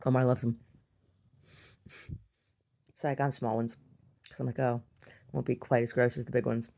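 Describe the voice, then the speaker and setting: A woman telling a rambling story in her video diary, chatty and quick to laugh, often repeating herself. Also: a bass voice, flat delivery, vocal fry, mellow. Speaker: video diarist. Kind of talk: casual storytelling to camera.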